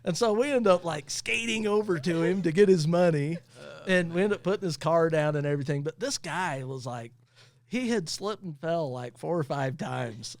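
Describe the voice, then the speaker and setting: A towing-company owner tells his stories in a loose, chatty way, often breaking into laughter. His voice sits a bit high for a man. The recording is dry and close, with no room sound. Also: normal speed, dry recording. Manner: animated, laughs while telling stories. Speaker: tow truck company owner, podcast guest. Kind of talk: casual storytelling.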